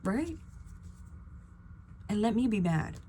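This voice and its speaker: A young woman vlogger chatting casually while getting ready, acting out quotes with sudden whispers and high bursts. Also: fairly even intonation, normal speed, mellow, slight background noise. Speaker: beauty vlogger.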